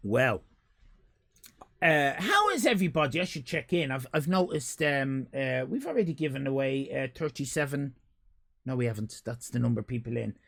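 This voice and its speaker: A man from Ireland speaks at a moderate pace in a medium, sing-song voice with vocal fry and a fairly bright tone. He chats casually to his stream, meandering and joking while calling out viewers by name.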